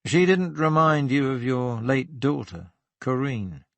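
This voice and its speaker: A man voicing a calm middle-aged police inspector who questions a suspect in a level, firm way. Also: mid-range voice, slow pace, vocal fry, dry recording, lo-fi sound, exaggerated voice.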